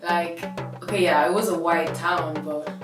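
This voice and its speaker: A woman's voice: lowish voice, fairly even intonation, unhurried. A nineteen-year-old woman, telling stories in a candid, casual conversation full of "like". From born in Germany, grew up in Ireland. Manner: casual, lots of "like" fillers, storytelling. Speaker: documentary subject. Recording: roomy, loud music underneath.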